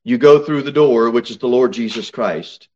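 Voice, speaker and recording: A man's voice: medium pitch, a little mellow. Emphatic male preacher, dull lo-fi sound. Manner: preaching with slow emphatic stresses and sudden raised peaks. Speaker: pastor. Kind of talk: sermon. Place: church sanctuary, at the pulpit.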